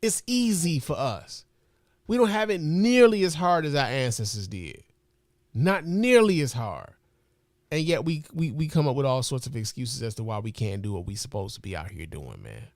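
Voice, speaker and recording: A man's voice: mid-range voice, very animated, normal speed, no room sound, studio quality. Blunt, profane man hosting a talk show. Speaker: podcast host. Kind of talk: casual political talk.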